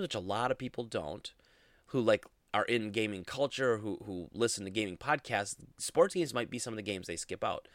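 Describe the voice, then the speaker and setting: A man hosts a casual solo gaming podcast, rambling along with lots of fillers and restarts. His voice is medium-pitched, and the clean studio sound has no room echo.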